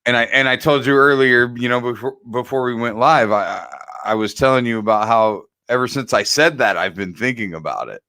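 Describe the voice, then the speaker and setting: A man's voice: mid-range voice, brisk, hardly any pauses, pushed and bright, no room sound. A man in his forties co-hosts a podcast, swearing freely as he tells candid, personal stories. His voice sits mid-range. The sound is dry and close to the mic. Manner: profane, candid storytelling. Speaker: podcast co-host. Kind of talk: casual podcast chat.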